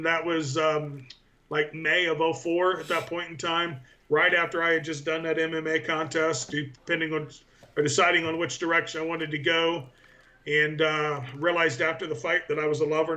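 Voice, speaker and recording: Male powerlifter guest, 40s, casual storyteller, filler-heavy and rambling, bright tone. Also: a little high. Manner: rambling anecdotes with many fillers.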